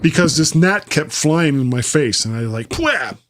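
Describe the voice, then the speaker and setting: A man's voice: a little high, normal speed. A man from Florida hosting a casual podcast, telling rambling stories. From Florida, USA. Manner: animated, rambling storyteller. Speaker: podcast host.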